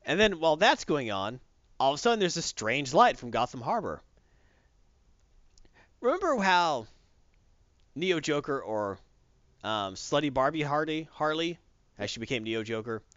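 A man co-hosting a casual podcast chat, telling a comic story in an animated way and acting out the quotes. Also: fairly high pitch, moderate pace, pauses often, no room sound, muffled recording. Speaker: podcast co-host recapping comics.

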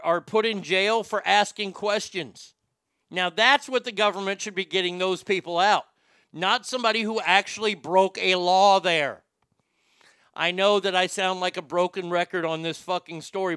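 Loud, sarcastic ranting male podcast host. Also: high-pitched, normal speed, clean tone, no echo. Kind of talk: opinionated talk show rant.

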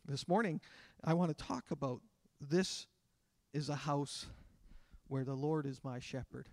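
A pastor in his fifties gives a conversational sermon in church, speaking a little slowly in a fairly high voice. He shifts into softer voices to act out small scenes, and the dry, close recording has little room sound.

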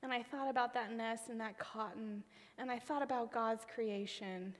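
A woman preacher giving a sermon with a personal story, expressive, often trailing her phrase endings off into a whisper. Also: fairly high pitch, a little slow, in a large hall.

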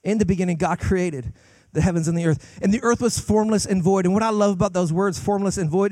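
A young adult man preaching a sermon as a guest pastor, emphatic, with fast bursts and slow drawn-out lines, often repeating words as he starts sentences. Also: sits high, warm tone, no echo.

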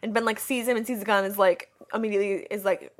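A woman's voice: mid-range voice, fast talker. Chatty woman retelling movie scenes. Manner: rambling, lots of "like", animated retelling of scenes. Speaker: co-host of a movie discussion. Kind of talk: casual chat.

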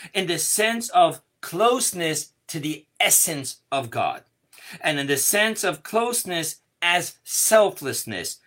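A man teaches a lesson on Jewish mysticism at a slow, measured pace. His voice sits a little high and sounds bright and forceful. He stresses key words as he builds each point. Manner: slow, deliberate explaining with rising emphasis. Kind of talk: Kabbalah lesson.

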